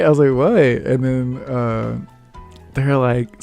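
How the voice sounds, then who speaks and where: A young man chats casually on his own vlog, telling stories with lots of laughter and bursts of louder acted-out dialogue. His voice sits at an ordinary middle pitch. Soft music plays faintly behind him. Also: slow pace, vocal fry. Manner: animated, laughs often, acts out quotes in raised voice. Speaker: vlog host. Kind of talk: casual storytelling monologue.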